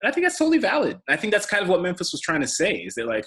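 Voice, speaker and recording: A man's voice: sits high, huge pitch swings, a bit bright. A man co-hosting a podcast, chatting casually and giving blunt, opinionated takes. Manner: blunt and opinionated, quick-talking. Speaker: podcast co-host. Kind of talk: casual chat.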